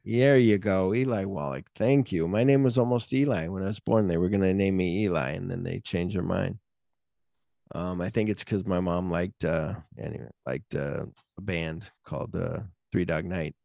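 A man's voice: low-pitched, moderate pace, vocal fry, mellow, no room sound, studio quality. A man co-hosting a casual film podcast, rambling and searching for names with lots of fillers. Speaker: podcast co-host.

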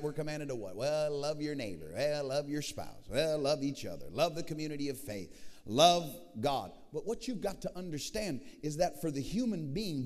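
A man preaching a sermon as pastor, swinging from shouted declarations to hushed, intimate passages and calling out to the congregation. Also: a little high, long reverb tail. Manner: dynamic preaching, swings from shouting to hushed tones, rallies the crowd. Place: large church hall.

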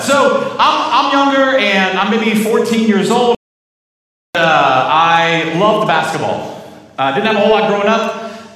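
A middle-aged man preaching a sermon, telling stories and chatting asides to the congregation. His voice sits a bit high for a man. It carries through a big echoey church hall, picked up from some distance. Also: a bit bright. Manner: conversational, storytelling with asides to the congregation. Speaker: pastor.

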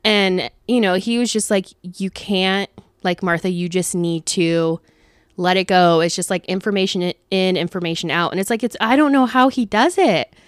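A young woman vents about her day in a casual, candid monologue, swearing freely and acting out conversations. Her voice sits at a middle pitch and sounds close and dry, with no room echo around it. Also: moderate pace. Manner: acts out conversations in lively voices. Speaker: vlogger venting about work.

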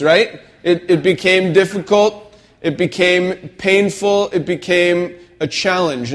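A man preaching a casual, conversational sermon with a slightly high voice. He talks like he's explaining to friends and keeps checking that everyone is following. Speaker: pastor.

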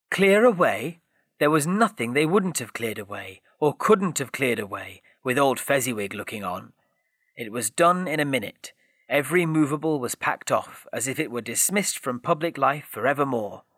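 A man reading a classic story aloud with expressive, lively narration. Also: medium pitch, dry recording, clean studio sound.

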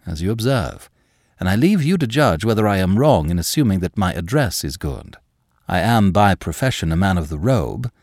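Man reading as a young witty ex-lawyer, earnest and sure of himself, low voice with lively lilt. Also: dry recording, studio quality, exaggerated voice. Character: young, quick-witted male ex-lawyer.

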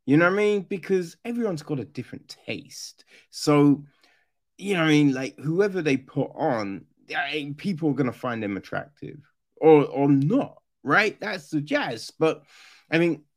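A man giving a casual, profane film review, animated and often mimicking characters. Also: fairly high pitch, measured pace.

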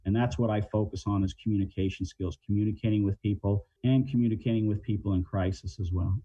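A middle-aged man with a low, warm, dark voice explains communication plainly, using everyday examples. He talks like an interview guest who trains negotiators. The sound is muffled and lo-fi, as if over a remote line. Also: steady tone, quick pace, husky, no room sound. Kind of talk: interview answers.

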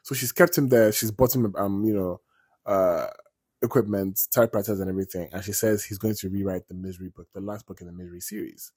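A man's voice: fairly low pitch, steady tone, a little fast, a little mellow, husky, no room sound, studio quality. A man talking casually as a vlogger, retelling a story in a chatty, digressive way and swearing freely.

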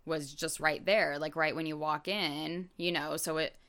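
A woman hosting a podcast, telling a true crime story in a relaxed, casual way with lots of fillers and asides. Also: deep voice, measured pace, clean tone.

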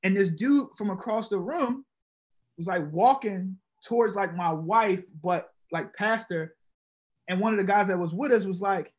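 High-pitched husky man telling stories. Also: normal speed. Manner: animated, acts out quoted dialogue. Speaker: podcast guest, author. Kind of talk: casual conversational storytelling.

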